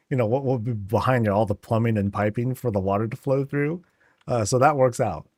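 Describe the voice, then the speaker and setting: A man's voice: mid-range voice, no echo, clean studio sound. A man streaming a game, chatting casually and rambling with many fillers as he tours homes.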